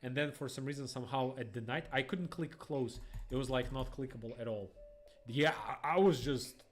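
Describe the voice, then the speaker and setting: A young man, rambling excitedly through live trading stream commentary in phrasing. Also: mid-range voice, normal speed, faint music behind. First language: Russian. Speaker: day trader streamer.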